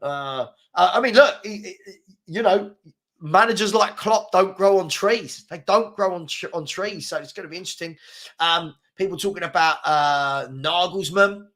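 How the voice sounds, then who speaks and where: Man, live-stream chat host, rambling and slangy, bright tense voice, slightly high pitch. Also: moderate pace. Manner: chatty, rambling, repeats himself, slangy. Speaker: football chat show host. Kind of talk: casual live-stream chat reading viewer comments.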